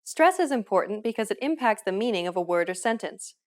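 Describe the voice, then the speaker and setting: A woman reading a scripted pronunciation lesson in a clear, explanatory manner. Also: mid-range voice, lively intonation, a little fast. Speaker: language teacher. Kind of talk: scripted instructional narration.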